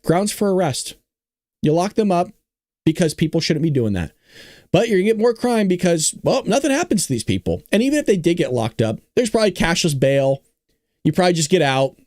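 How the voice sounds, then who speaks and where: A man's voice: high voice, very animated, fairly quick, a little mellow, dry recording, studio quality. A man hosting a political commentary show, reading news aloud and reacting bluntly and indignantly while talking straight to his viewers. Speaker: show host.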